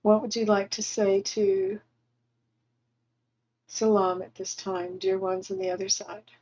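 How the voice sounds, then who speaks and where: Woman medium, gentle and consoling, relaying spirit messages slowly in a warm, soft voice over muffled stream audio. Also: medium pitch, little pitch movement. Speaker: spiritual medium hosting a livestream. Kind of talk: channeling spirit messages to viewers. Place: at home.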